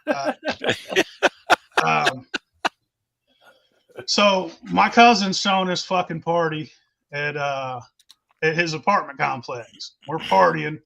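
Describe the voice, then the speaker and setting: A rowdy man tells a wild tale, cursing in nearly every sentence and laughing as he goes. His voice sits high and rings bright. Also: animated, slow, creaky, long pauses. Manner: rowdy, swears constantly, laughs mid-story. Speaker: podcast host telling stories. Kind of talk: casual profane storytelling.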